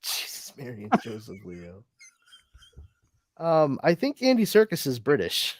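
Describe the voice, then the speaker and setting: Here a man speaks at medium pitch with wildly swooping intonation and a measured pace, with no room sound. Hosting a laid-back podcast, he reads listener comments aloud and rambles, restarting often and leaning on fillers.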